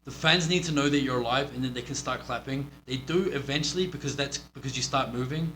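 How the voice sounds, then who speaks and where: A man's voice: medium pitch, a little fast, a bit bright. A man with a New Zealand accent, a pro wrestler giving a blunt, profane critique of a match. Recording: roomy echo with faint hum.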